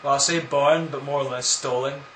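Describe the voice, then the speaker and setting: A man's voice: medium pitch, steady tone, normal speed, fairly bright tone, a little hiss or hum. A man answering viewer questions in a casual, rambling vlog, full of crude, absurd jokes. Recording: echoey room.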